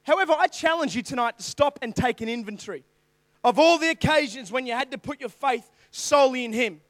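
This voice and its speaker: A man preaching a youth sermon, digressing freely and reading scripture in sudden loud, forceful bursts. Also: very high-pitched, brisk, dry recording. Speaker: youth pastor.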